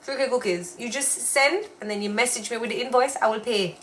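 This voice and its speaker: A woman's voice: a little high, brisk. A woman co-hosting a casual live show, chatting and reading viewer comments aloud. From Jamaica. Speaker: co-host of a weekly live show. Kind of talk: casual live-stream chat.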